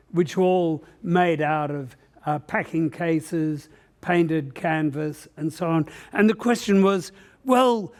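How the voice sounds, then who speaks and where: A man's voice: fairly high pitch, a little mellow. A man giving a conference presentation, joking and rambling with many "uh" fillers. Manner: humorous, rambling storyteller with frequent "uh" fillers. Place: conference session room.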